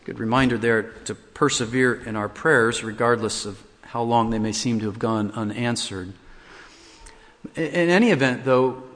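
A man preaching a sermon, expressive, acting out quoted lines with big swings in his voice. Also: mid-range voice, moderate pace, in a large hall. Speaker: pastor.

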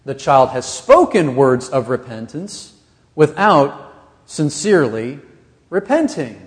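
A man's voice: fairly high pitch, big pitch swings, slow pace, in a large hall. A man preaching a sermon as pastor of a church, earnest and pressing his points with rising emphasis.

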